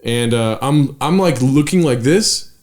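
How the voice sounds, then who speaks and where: A stand-up comic co-hosting a podcast tells a story in casual chat, his mid-range voice unhurried. He's animated and swears, filling his talk with fillers and letting sentences trail off.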